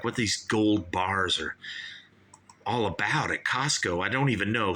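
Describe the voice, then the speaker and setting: A man's voice: lowish voice, sharp tone. A man hosting his own comedy show, rambling through jokey, profane riffs. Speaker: show host. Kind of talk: comic monologue.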